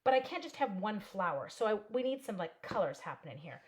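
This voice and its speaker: A woman's voice: mid-range voice, big pitch swings, brisk. A woman in her forties, chatty and bubbly, telling stories and laughing as she demonstrates a papercraft project. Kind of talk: casual live crafting demo.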